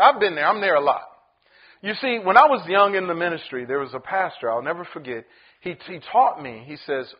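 Preacher guy, high voice all over the place, dull lo-fi sound. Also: breathy edge. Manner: animated, acts out voices in the story. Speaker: pastor. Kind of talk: sermon.

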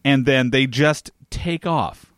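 Male co-host, mid-range pitch, dry sound, skeptical wisecracker. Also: takes it slowly, fairly bright tone, no room sound. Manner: wry, skeptical asides and jokes. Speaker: podcast co-host. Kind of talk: casual chat recapping a TV episode.

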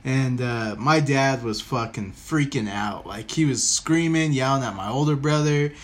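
A man's voice: medium pitch, measured pace. A man hosting a podcast, telling a rambling story in casual chat and swearing freely. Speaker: podcast host.

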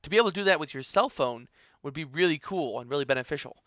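A man's voice: a little high, expressive, fast talker, a bit bright, no room sound, studio quality. A man co-hosting a casual podcast, presenting news stories with enthusiasm and plenty of filler words. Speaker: podcast co-host.

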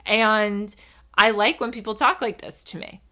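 Woman, podcast host, bright voice, rambling solo monologue, giggly, animated. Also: mid-range voice, unhurried. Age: adult.

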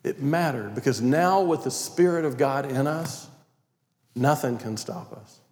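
A man preaching a sermon as pastor, reading scripture aloud and stressing key words, sometimes dropping to a quiet, prayerful tone. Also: medium pitch, a little slow. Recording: long reverb of a large hall.

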